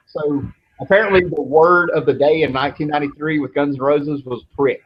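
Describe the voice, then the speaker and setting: A man's voice: a little high, steady tone, a little fast. Rambling man telling casual stories. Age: 30s. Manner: rambling, laid-back, swears freely. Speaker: show host. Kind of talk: casual storytelling chat. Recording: dull lo-fi with faint noise.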